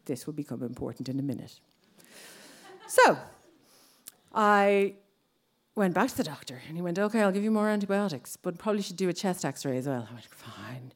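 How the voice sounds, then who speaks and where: A woman in her thirties with an Irish accent, telling a personal story on stage and acting out other people's lines. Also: low-pitched. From Ireland.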